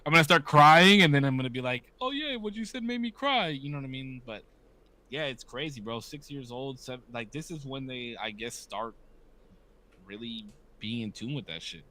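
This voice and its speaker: This podcast co-host, a man in his thirties, chats casually at normal speed in a medium-pitched voice that sounds pushed and bright. He is candid, swears often, and performs the voices of people he quotes.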